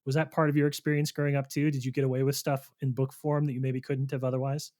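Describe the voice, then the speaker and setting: A man's voice: medium pitch, level tone, fast talker, a little mellow, no room sound. Man hosting a podcast, dry sound. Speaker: podcast host. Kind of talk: casual podcast chat.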